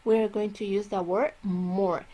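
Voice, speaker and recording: A woman teaching English grammar, explaining slowly and stretching out her example words. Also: mid-range voice, steady tone, mellow. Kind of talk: classroom grammar lesson.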